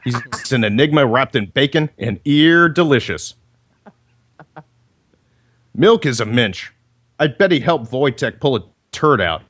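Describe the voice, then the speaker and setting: A man's voice: medium pitch, lively intonation, measured pace, pauses often, a bit bright. Man reading roast jokes over a choppy call. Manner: chuckles between jokes. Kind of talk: reading prepared roast jokes, laughing at his own lines. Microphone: internet call. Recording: breaking-up internet call.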